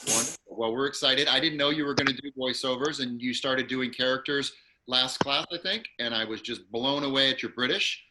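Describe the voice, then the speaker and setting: A man's voice: mid-range voice, fairly quick, background noise. A man hosting an acting class over a video call, upbeat and encouraging.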